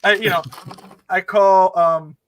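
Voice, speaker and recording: A man's voice: high-pitched, takes it slowly. A young man co-hosting a podcast, telling a long story in casual chat and acting out the people in it. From Miami area. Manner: animated storyteller acting out both sides of conversations. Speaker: podcast co-host.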